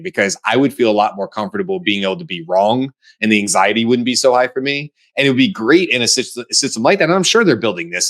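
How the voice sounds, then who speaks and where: A middle-aged American man co-hosting a casual panel discussion, animated and acting out quoted voices. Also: fairly low pitch. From United States. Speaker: co-host.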